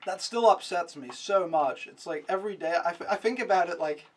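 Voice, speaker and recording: A man's voice: high voice, fairly quick, recorded from a distance. A young man vlogging a casual, rambling recap, mocking himself and swearing freely.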